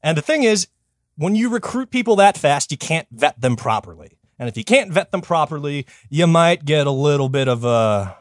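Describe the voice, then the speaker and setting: A somewhat high-voiced man telling a history story to friends on a comedy podcast. He is animated, swears freely and jumps into little voices for the people in the story. The recording is close and dry, with no room sound. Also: normal speed, dry recording. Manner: animated, swears freely, acts out quoted figures.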